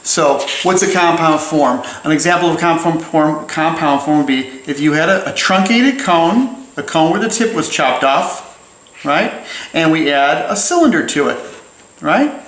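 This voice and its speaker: Man, a bit high-pitched, teaching drawing in a loose, jokey way; echoey room. Good for a friendly tutorial read. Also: animated, measured pace, a bit bright. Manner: playful, chatty, jokey asides. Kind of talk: casual drawing lesson while sketching.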